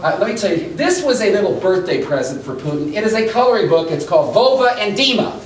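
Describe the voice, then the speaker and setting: Middle-aged guy lecturing fast and excited, high voice jumping all over, echoey room, mic far off. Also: a little hiss or hum. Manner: hurried, excitable, many restarts. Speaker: political science lecturer. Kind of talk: animated public lecture. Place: breakfast meeting room.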